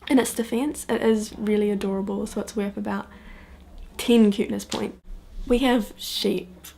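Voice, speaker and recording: A woman's voice: mid-range voice, creaky, darkish tone, slight background noise. A woman with a New Zealand accent chatting casually to camera, jokey and self-mocking. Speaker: vlogger. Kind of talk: casual chat.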